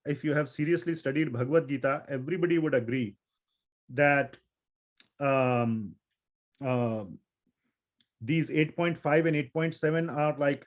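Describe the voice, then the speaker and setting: A man giving a scripture lecture, reciting Sanskrit verses and asking his students questions. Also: a little high. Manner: explanatory, asks students questions. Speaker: Gita teacher.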